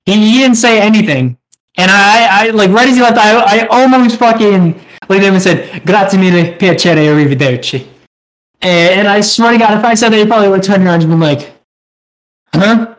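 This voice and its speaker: A man's voice: high-pitched, a little fast, a bit bright, low-quality recording. A young man co-hosting a podcast, telling a rambling, profane story in casual chat and laughing as he goes. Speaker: podcast co-host.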